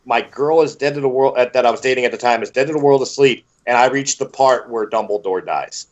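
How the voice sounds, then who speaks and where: Man, mid-pitched voice, casual podcast chat, animated storytelling, dull lo-fi audio. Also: fast. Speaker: podcast co-host.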